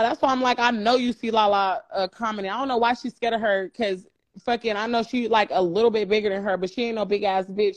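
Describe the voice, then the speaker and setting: A woman's voice: fairly high pitch, dry recording. A woman co-hosting a live stream, gossiping in a blunt and profane way. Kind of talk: casual live stream chat.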